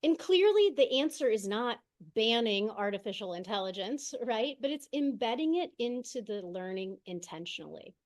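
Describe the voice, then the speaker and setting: A woman giving an online conference talk as an educator, explaining steadily and often adding a quick "right?", heard through a video call mic set far from her. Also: medium pitch, expressive.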